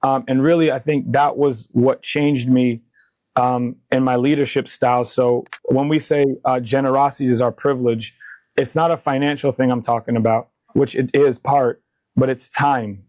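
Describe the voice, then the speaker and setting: Thirties guy, podcast guest, earnest and animated, acts out the convos, medium voice, dry close mic. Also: mid-range voice, normal speed, no room sound. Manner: earnest, animated retelling of dialogue, faith-driven. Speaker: podcast guest, company founder. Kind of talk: candid interview storytelling.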